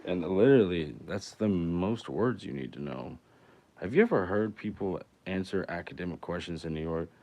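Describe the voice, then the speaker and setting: A young man with a very deep, low, dark voice rambles through crude, joking banter with viewers at a normal pace and with lively intonation. He speaks off the cuff and swears freely, like a musician chatting on a casual livestream.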